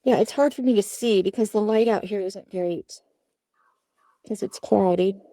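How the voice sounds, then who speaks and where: Woman puppet maker, chatty and apologetic, mellow tone, dry sound, outdoors. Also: mid-range voice, normal speed, dry recording. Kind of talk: casual livestream commentary.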